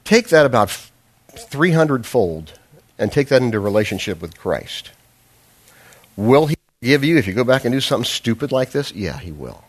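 A man's voice: medium pitch, sing-song, normal speed. Storytelling male pastor preaching a sermon. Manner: humorous storytelling, self-deprecating; earnest, rising to fervent emphasis.

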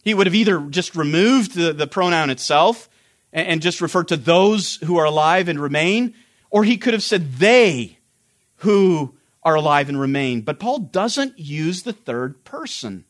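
A man teaches a Bible study in a high voice. He explains the text earnestly and often restarts his sentences. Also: expressive, normal speed.

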